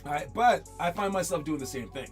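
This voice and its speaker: A man's voice: on the high side, lively intonation, a little fast, soft background music. A man, a basketball coach, giving a casual motivational talk, rambling and repeating words as he acts out what others say.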